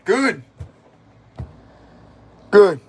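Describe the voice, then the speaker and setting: A young man chats and rambles through a spiritual reading on a livestream, laughing often along the way. His voice sits somewhat high for a man, and his manner is loose and casual. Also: expressive, extremely slow, a little mellow.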